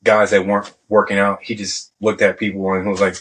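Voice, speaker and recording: A man's voice: on the low side, a little fast, poor audio. A man, a Navy veteran guest, telling stories in a casual, profane way and acting out the people he quotes. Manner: profane, animated, acts out quotes. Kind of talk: casual storytelling.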